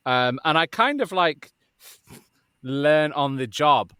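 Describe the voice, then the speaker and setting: A man's voice: medium pitch, lively intonation, takes it slowly, fairly bright tone, smooth, dry recording, studio quality. A man, an audiobook narrator, chatting casually on a podcast in a self-deprecating, easily laughing way.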